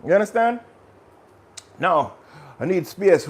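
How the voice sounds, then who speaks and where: Energetic man hosting a cooking stream. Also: fairly high pitch, measured pace. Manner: energetic, chatty, talks to viewers directly. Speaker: cooking channel host. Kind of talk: casual live cooking stream.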